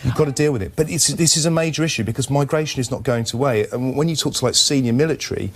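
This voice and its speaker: A male newspaper defence editor speaking in a TV news interview, with a halting delivery that restarts phrases. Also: mid-range voice.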